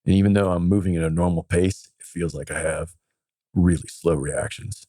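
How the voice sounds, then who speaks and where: A man's voice: low voice, fairly even intonation, normal speed, warm tone, dry recording. A man as a podcast guest, casually telling a story in a laid-back way and acting out what others said. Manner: laid-back, acts out others' lines in quotes.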